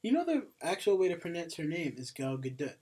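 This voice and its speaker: A young man chatting on a casual podcast, his voice sitting a little higher than most men's. He jokes around, laughs often and rambles through long retellings. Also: very animated, fairly quick, noisy background. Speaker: podcast co-host. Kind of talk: casual chat.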